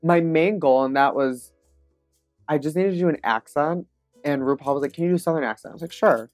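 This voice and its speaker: A woman guest on a podcast, telling stories with confident, animated energy. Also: sits low, no echo, soft background music. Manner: animated, confident, quick laughs. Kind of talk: casual interview storytelling.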